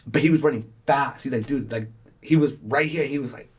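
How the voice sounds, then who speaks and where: A man's voice: medium pitch, a little fast, darkish tone, slight background noise. A young man hosting a casual podcast, telling a rambling, swear-filled story and acting out the people in it. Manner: rambling, swearing, acts out quoted voices. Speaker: podcast host.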